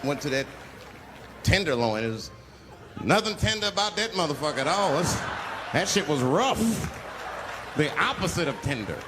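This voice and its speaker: A middle-aged man doing stand-up on a theater stage, telling stories animatedly and shouting some punchlines. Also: a little high, moderate pace, long pauses. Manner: animated storytelling, swings to loud shouted punchlines. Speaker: stand-up comedian. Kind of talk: stand-up comedy routine. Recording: big hall, loud crowd and noise. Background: audience laughter and applause.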